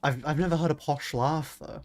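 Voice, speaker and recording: A man streaming a game while putting on an exaggerated posh upper-class English gentleman voice, drawn-out and mock-haughty. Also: a little high, steady tone, noisy background, close to an everyday voice. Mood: mock-refined. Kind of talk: put-on accent during a game livestream. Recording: game music playing under the voice. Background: game music.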